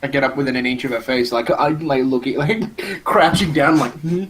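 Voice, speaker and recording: A man playing a tabletop game, talking quickly and jokingly. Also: medium pitch, a bit bright, a little hiss or hum, poor audio. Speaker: player.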